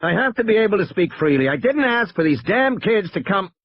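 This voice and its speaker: A man's voice: deep voice, extremely slow, husky, voice pushed down, heavily acted. A man voicing an irritable male lawyer who talks in a blunt, swearing snap. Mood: angry. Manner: snappish, swearing. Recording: dull lo-fi recording.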